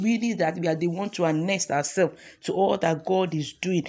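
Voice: medium pitch, normal speed, few pauses, a little mellow, slight background noise. A devotional host leading a morning sermon, fervent and repetitive, calling listeners to repeat affirmations.

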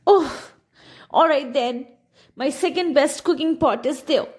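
A woman's voice: high voice, unhurried, darkish tone, voice pushed up. A woman voicing a bad-tempered, bent old woman who speaks sharply and crossly. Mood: grudging.

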